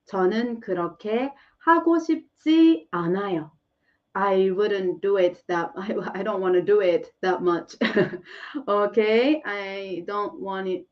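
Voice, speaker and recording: Korean-native woman doing a live lesson, laughs a lot, sounds kinda far off and muffled. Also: medium pitch. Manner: chatty, laughs often, repeats phrases slowly. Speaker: Korean language teacher. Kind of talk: live online lesson answering viewer questions.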